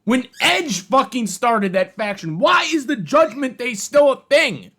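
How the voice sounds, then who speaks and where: A man's voice: very high-pitched, sing-song, unhurried, sharp tone. A man ranting angrily about wrestling storylines, heated and profane, repeating himself for emphasis. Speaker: wrestling commentator ranting on his channel. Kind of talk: angry rant.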